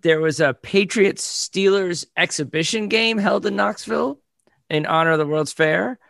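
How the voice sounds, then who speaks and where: A man's voice: high-pitched, normal speed, gravelly, fairly bright tone, no room sound. A man co-hosting a podcast, reading out trivia facts in casual chat. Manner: reads out trivia questions and facts. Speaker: podcast co-host.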